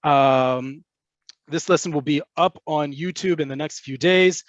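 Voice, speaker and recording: A man gives an online lesson in a somewhat high voice, explaining with plenty of ums. His audio is dull and dry, like a computer mic on a video call. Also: a little slow, no room sound. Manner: explanatory, frequent fillers. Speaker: Hebrew language teacher. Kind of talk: webinar lesson answering questions.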